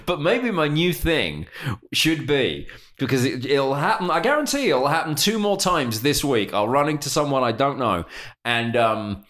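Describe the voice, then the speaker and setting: A man's voice: medium pitch, sing-song, moderate pace, fairly bright tone. A man with an English accent, co-hosting a podcast in rambling casual chat with plenty of swearing. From England. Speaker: podcast co-host.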